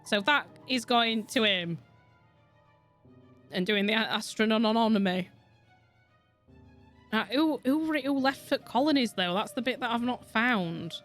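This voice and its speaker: A woman's voice: on the high side, unhurried, pauses often, fairly bright tone, soft background music. A woman streaming a detective game, chatting casually with her viewers, giggling often, swearing freely and rambling from thought to thought. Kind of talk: casual gameplay commentary with chat.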